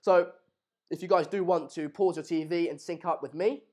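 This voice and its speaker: A young man from England runs a football watchalong stream and chats loosely with his viewers. His voice sits a touch high, and his talk wanders with restarts and jokes. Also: fairly even intonation, normal speed, darkish tone. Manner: jokey banter, rambling with fillers and restarts. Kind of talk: live stream chat reading comments. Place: home room in Madrid.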